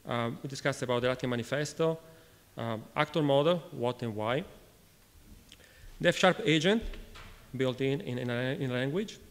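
A man from Italy with an Italian accent gives a technical conference talk in a halting way, restarting phrases and questioning the audience. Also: mid-range voice. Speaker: conference speaker. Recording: reverberant lecture hall.

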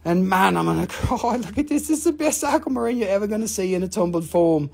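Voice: medium pitch, fast, creaky, darkish tone. A host selling rocks on a casual live sales show, joking and swearing as they go. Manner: joking, profane, rambling. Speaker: live-stream rock and mineral seller. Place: family rock shop.

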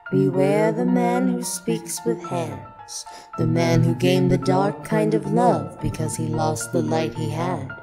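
A woman voicing a cryptic hooded river ferry monster who talks in slow riddles and sing-song nonsense. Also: lowish voice. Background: music.

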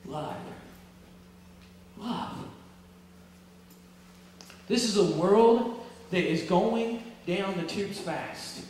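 A man preaching a sermon to his church, emphatic and full of rhetorical questions, swinging between loud peaks and hushed stretches. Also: high-pitched, takes it slowly. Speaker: pastor. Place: church sanctuary. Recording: echoey hall from far off, faint noise.

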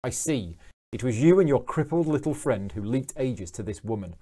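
A man's voice: medium pitch, lively intonation, moderate pace, mellow, natural voice. A man voicing a stern, cold and formal wealthy father from a game, in clipped commanding sentences.

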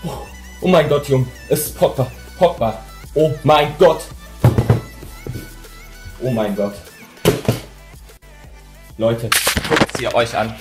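Male gamer pleading and exclaiming over a pack, slow delivery. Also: mid-range voice, expressive, over loud music. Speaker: gamer reacting to pack opening.

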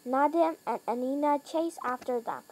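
A woman reading a children's storybook aloud, slowly and carefully, with small slips that she corrects. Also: a little mellow, a little hiss or hum, rough recording. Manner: lifts pitch and volume for characters' lines. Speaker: reader.

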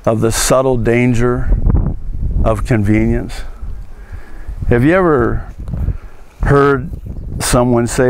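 A man, preaching as a pastor, animated, acting out biblical voices and laughing at his own jokes. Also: mid-range voice, takes it slowly, pauses often, slight background noise. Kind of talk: outdoor teaching sermon. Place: outdoors at an archaeological site.

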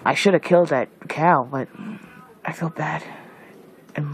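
Let's-play commentator, unhurried delivery, jumpy, yelps at in-game monsters, faint background hiss. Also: medium pitch, fairly bright tone. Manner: jumpy, shrieks at monsters, mutters asides. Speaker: gameplay commentator.

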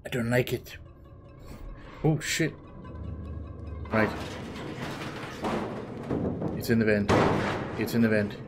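A man's voice: on the low side, slow pace, pauses often. Jumpy, swearing gaming host man. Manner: jumpy, swears constantly, talks to the game. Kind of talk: let's play commentary. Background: game music.

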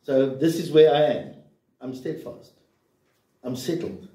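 A man's voice: on the high side, a little slow, mellow. A man preaching a sermon as a pastor, emphatic and full of rhetorical questions. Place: church hall. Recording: echoey room, voice from a distance.

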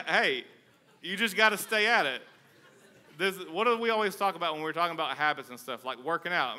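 Guy pastor preaching, super bright voice, jokey and pumped up, talks to the crowd like a friend. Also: on the high side, brisk. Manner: casual, joking, energetic. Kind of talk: conversational sermon.

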